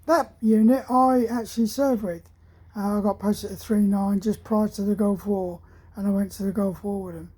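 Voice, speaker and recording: Husky woman in her sixties. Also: mid-range voice, warm tone, low-quality recording. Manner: rambling, hesitant, with many ums and restarts. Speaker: army veteran storyteller. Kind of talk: casual spoken anecdote.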